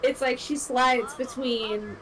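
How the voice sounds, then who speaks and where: A woman's voice: high-pitched, fairly even intonation, slow, a bit bright, rough recording. A woman from Canada, a guest chatting casually and explaining things eagerly. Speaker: guest on call. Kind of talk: casual chat.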